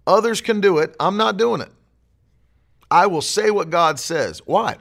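A man's voice: high-pitched, lively intonation, a little slow, gravelly, fairly bright tone. A man preaching a sermon as pastor, emphatic and driving his points home with repeated declarations.

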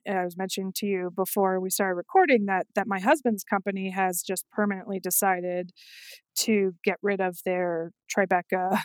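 A woman's voice: mid-range voice, dry recording, poor audio. A woman hosting a podcast interview, talking in a thoughtful, conversational way. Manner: conversational, thoughtful, light laughs. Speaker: podcast host. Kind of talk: casual interview chat.

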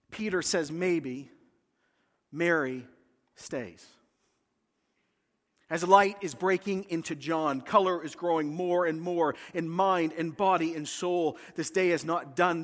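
A man's voice: a little high, in a large hall. A man preaching a sermon, retelling a scripture story dramatically and acting out the voices of its figures. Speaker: pastor.

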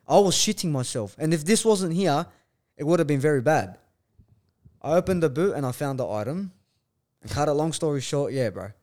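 A man's voice: on the high side, expressive, brisk, a little mellow. A man, a podcast guest telling a story bluntly, with lots of swearing and slang. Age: 20s. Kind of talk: casual chat.

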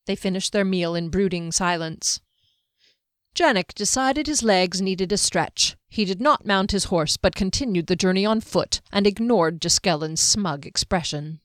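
A woman narrating an audiobook in a steady, even storytelling manner. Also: medium pitch, unhurried, no echo, studio quality.

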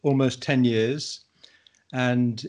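A man who is a guest on a casual podcast, an English teacher giving thoughtful, measured explanations. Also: medium pitch, steady tone, a little mellow.

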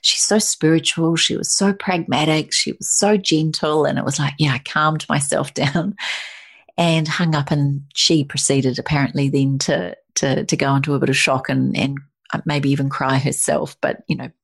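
A woman's voice: sits low, fairly even intonation, normal speed, creaky, husky. A middle-aged woman telling a personal story in conversation, emotional and full of restarts and quoted voices.

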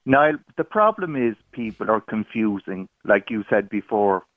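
A man's voice: on the low side, big pitch swings, measured pace, no room sound. A man calling a radio phone-in, cheeky and joking as he tells a story. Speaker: caller. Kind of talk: casual phone-in chat. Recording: muffled phone line.

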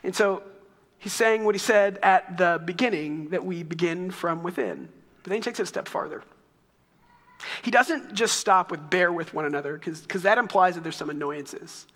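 A pastor with a Texan accent preaching a sermon in a conversational, storytelling way, with light asides. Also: male voice, high-pitched, moderate pace, a bit bright, big-room sound.

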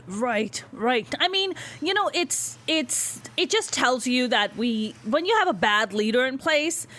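A woman chatting casually on a podcast, telling stories in a brash, profane, animated way. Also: high voice, a little slow. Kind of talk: casual chat.

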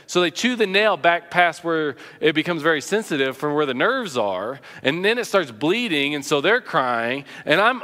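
Fairly high-voiced man preaching. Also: big pitch swings, normal speed, hardly any pauses, pushed and bright, in a large hall. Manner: conversational preaching with personal anecdotes. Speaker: pastor. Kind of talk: sermon.

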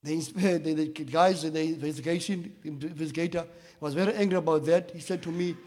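A man sharing a personal testimony in church, halting with many restarts and fillers, rising to loud emphatic bursts. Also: fairly high pitch. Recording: echoey hall with long reverb.

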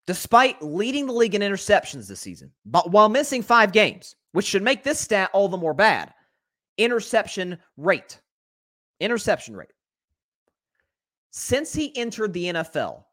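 A man's voice: fairly high pitch, a bit bright. A man hosting a solo sports talk show, emphatic and rattling off stats. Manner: rapid-fire stat listing, emphatic.

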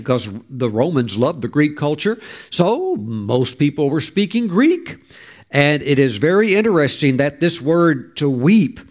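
A middle-aged male pastor preaching a sermon, telling stories expressively and reading scripture aloud. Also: on the high side.

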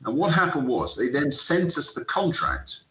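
Here the middle-aged British sports entrepreneur's voice sits on the high side, at a moderate pace, as he tells lively stories in an interview and acts out remembered exchanges. Sound quality is dull and lo-fi, and the room echoes.

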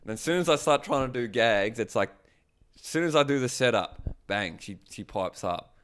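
A man's voice: mid-range voice, normal speed. A man, a stand-up comedian, telling a story in casual chat, loose and swearing. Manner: loose, swearing, animated retelling.

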